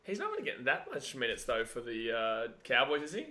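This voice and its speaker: Bright, excitable man. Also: medium pitch, fast talker. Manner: chatty, excitable, yells at the screen. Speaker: watch-along host. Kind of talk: live match watch-along commentary.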